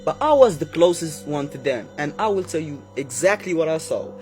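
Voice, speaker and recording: A man's voice: on the high side, expressive, fairly quick, darkish tone, faint music behind, natural voice. A man voicing a stubborn, fierce old woman who gives bossy, emphatic orders. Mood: urgent.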